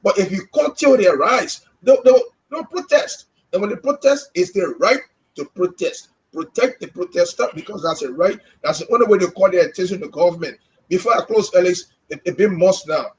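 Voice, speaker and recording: Impassioned Liberian man, high voice. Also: moderate pace, low-quality recording. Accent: Liberian English. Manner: impassioned, repeats words when stirred. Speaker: co-host. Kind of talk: live podcast discussion.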